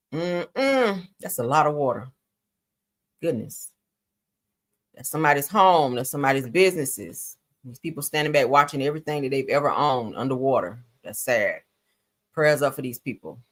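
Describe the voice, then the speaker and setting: A low-pitched woman with hosts a casual live stream. Her pitch swings widely as she reacts to the clips, and she drops swear words and playful asides as she goes. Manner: animated, swears freely, laughs, playful asides. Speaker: commentary show host.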